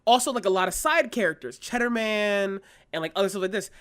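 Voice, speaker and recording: A man co-hosting a podcast in casual chat, animated and swearing freely. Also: sits high, a little fast, clean tone. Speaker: podcast co-host.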